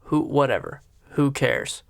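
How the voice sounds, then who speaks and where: A man's voice: mid-range voice, animated, unhurried, vocal fry. A man hosting a reaction commentary, ranting sarcastically with blunt, profane remarks about a video. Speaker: commentary host.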